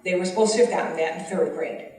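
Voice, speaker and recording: A woman's voice: lowish voice, fast talker, darkish tone. A woman who teaches special education, giving earnest, impassioned public testimony at a legislative forum. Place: large hearing room. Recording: echoey hall from far off.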